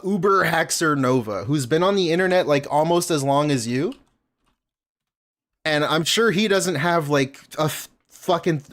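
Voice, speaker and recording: A man talks over videos on a home stream, casual and profane, breaking into laughing asides. His voice sits a bit high and swings widely in pitch. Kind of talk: casual reaction commentary.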